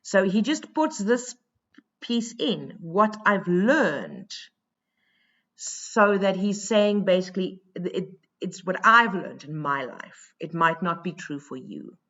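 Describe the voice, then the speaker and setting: A woman's voice: on the low side, expressive, slow pace, a bit bright, dull audio. A South African woman teaching a poetry lesson, explaining each point step by step in a chatty, informal way.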